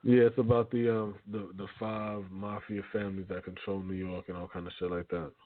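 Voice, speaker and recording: A man's voice: on the low side, flat delivery, a little fast, no echo. A man hosting a radio talk show, speaking loosely and profanely with lots of fillers and restarts. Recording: tinny phone-like line.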